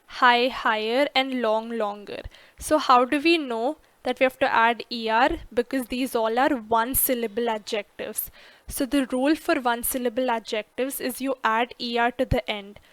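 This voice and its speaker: A woman narrating an English grammar lesson, slow and careful, stressing each example word clearly. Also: a little high, fairly even intonation, a bit bright, dry recording.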